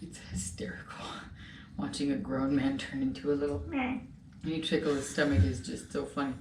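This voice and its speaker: A woman hosting a casual video, telling stories in an animated way. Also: a bass voice, fairly quick. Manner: animated storytelling. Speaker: host. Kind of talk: casual chat. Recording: roomy, a bit far from the mic, faint noise.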